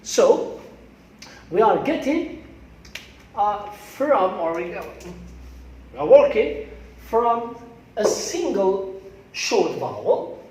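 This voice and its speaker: A man with an Algerian accent teaches English sounds to a class, drawing out each word and repeating it again and again. His voice is fairly high and swoops up and down with lively pitch. He is recorded from far off in an echoey classroom. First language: Arabic. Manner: slow, repetitive, drills words aloud. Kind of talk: classroom pronunciation lesson.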